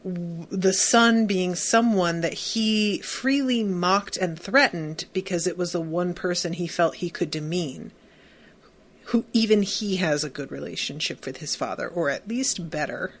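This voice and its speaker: A woman's voice: on the low side, unhurried. A woman hosting a podcast, recapping a TV episode in a casual, gushing, emphatic way with lots of fillers. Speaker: podcast host.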